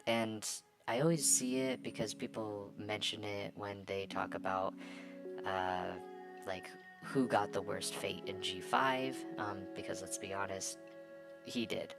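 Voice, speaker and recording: A young adult fan talks casually while drawing, in a very low and gravelly voice, pausing and restarting often. Clear music plays behind the voice throughout. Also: steady tone. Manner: hesitant, many fillers and restarts. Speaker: fan commentator.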